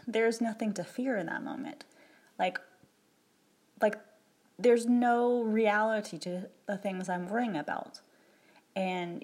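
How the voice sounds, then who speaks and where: A woman talking candidly to camera in a personal vlog, reflecting in a rambling, emotional way with many restarts. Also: mid-range voice. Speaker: vlogger.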